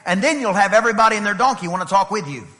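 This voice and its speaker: A man preaching a sermon as pastor, moving from conversational talk to fervent shouting. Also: high voice, animated, very fast, big-room sound. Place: church.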